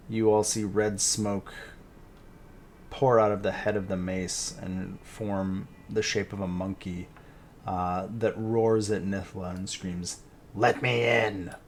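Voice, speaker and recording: A man narrating as game master of a tabletop game, halting with frequent fillers. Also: sits low, little pitch movement, a little hiss or hum.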